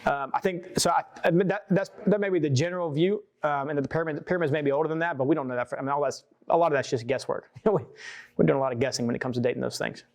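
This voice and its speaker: A man's voice: fairly high pitch, very fast, vocal fry, darkish tone. A man teaching scripture to a group, reading verses aloud and talking them through in a casual, conversational way with frequent asides and restarts. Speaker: pastor. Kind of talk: sermon-style Bible teaching.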